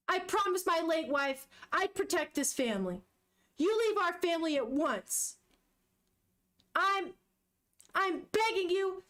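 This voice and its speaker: Woman reading as a stern protective father. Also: on the high side. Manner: grave, pleading, grows forceful.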